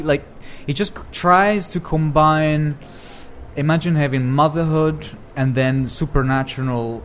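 A man's voice: medium pitch, a little hiss or hum. Rambling male film festival co-host. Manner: rambling, hesitant, many restarts and fillers. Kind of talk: casual chat about films. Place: hot indoor room at a film festival.

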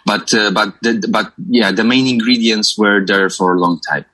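A man's voice: lowish voice, steady tone, moderate pace, sharp tone, husky, rough recording. A young Polish man, a film director, answering in English with a Polish accent, hesitant and full of uhs and repeated words.

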